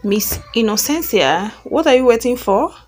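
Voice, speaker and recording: A woman's voice: mid-range voice, a little slow, slightly rough. A woman reading the lines of a confident young male company owner, in her own voice. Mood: commanding. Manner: commanding, then apologetic.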